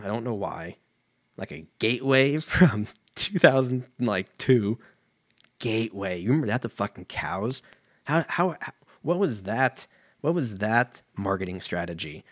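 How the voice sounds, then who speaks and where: A man's voice: lowish voice, no echo, studio quality. Profane, rambling male podcast host. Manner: profane, rambling, self-mocking. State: tipsy from whiskey. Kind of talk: casual podcast chat reading a comment aloud.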